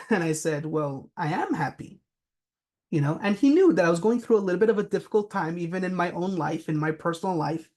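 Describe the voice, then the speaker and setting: A man's voice: sits high, fast talker, a little mellow. A man giving a business talk, telling anecdotes with frequent fillers. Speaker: presenter.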